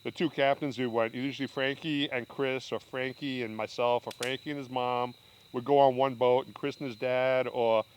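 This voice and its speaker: A man's voice: medium pitch, steady tone, moderate pace, a little hiss or hum, poor audio. A middle-aged or older man, a guest father on a podcast, telling family stories in a rambling casual way. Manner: rambling, with restarts and asides. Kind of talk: casual storytelling.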